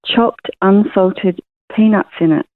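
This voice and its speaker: A woman's voice: mid-range voice, takes it slowly, no room sound. A friendly woman in her fifties calling in to a radio show, chatting about home baking over a tinny phone line. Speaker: caller. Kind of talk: phone-in chat.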